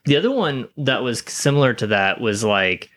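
A man co-hosting a podcast in casual conversation. He adds dry, skeptical remarks in a mid-pitched voice. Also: sing-song, moderate pace, a bit bright. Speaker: podcast co-host. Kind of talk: casual chat.

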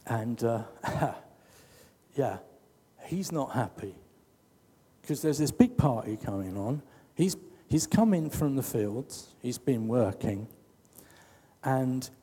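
Slow, husky-voiced man preaching. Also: mid-range voice, warm tone, in a large hall. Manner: conversational preaching with rhetorical questions. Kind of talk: sermon.

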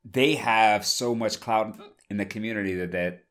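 A man in a casual gaming discussion, relaxed and trailing off with fillers, who has the hiccups. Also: lowish voice, normal speed.

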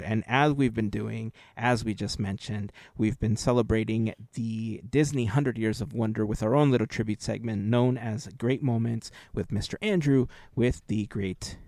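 A man's voice: medium pitch, darkish tone, no room sound. A man co-hosting a casual podcast, thinking aloud with enthusiasm and many fillers. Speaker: podcast co-host.

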